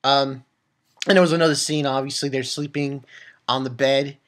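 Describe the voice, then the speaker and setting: A man giving a casual, rambling recap of an anime episode, excitable and quick to swear and laugh. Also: mid-range voice. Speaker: anime reviewer.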